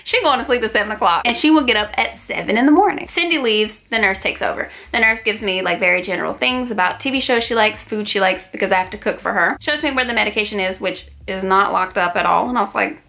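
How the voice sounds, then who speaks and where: A woman vlogger telling a story in an animated, chatty and dramatic way. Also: medium pitch, fast, vocal fry, few pauses. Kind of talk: storytime vlog.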